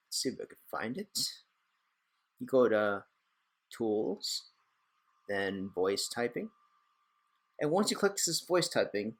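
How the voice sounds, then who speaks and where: A young man hosting a casual screen-recorded software tutorial, chatty and rambling with self-deprecating asides. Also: fairly low pitch. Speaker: tech tutorial host.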